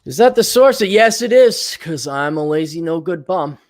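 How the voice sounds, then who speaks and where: Male vlogger, crude and sarcastic, rambles with a lively up-and-down delivery. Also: a little high, normal speed. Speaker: vlogger and consultant. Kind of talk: casual crude commentary.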